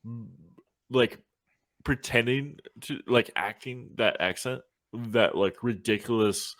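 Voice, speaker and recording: A man co-hosting a horror movie podcast, excitable and stammering, laughing mid-sentence. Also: medium pitch, slow pace, no room sound. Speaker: podcast co-host. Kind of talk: casual chat.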